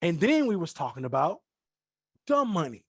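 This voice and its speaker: A man's voice: on the high side, big pitch swings, moderate pace, breathy edge, dry recording, studio quality. A middle-aged man leading a live online trading class, talking to the chat and repeating points on purpose as a teaching tool. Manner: repeats himself on purpose, addresses chat directly. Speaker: forex trading trainer. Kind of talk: live online training call.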